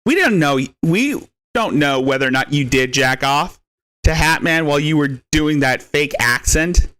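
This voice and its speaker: A man's voice: on the high side, animated, normal speed, a bit bright, clear, resonant tone. A man hosting a live stream, ranting in a profane, taunting way and repeating his jabs. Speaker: stream host. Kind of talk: mocking live stream rant.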